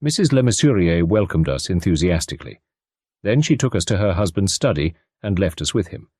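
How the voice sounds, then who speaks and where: A man giving steady audiobook narration. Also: low-pitched, fairly quick, breathy edge, no echo, clean studio sound.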